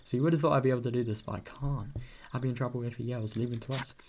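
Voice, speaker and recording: Reading a visual novel out loud, this young British man races along in a medium-pitched voice with background noise behind him. He keeps stopping to chat and swear about the plot, reacting in sudden outbursts.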